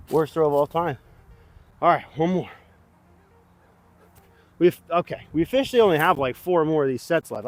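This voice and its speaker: A man giving casual running commentary while playing disc golf outdoors, excitable and hard on himself, a bit out of breath. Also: fairly high pitch. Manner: excitable, self-critical, talks to himself between throws.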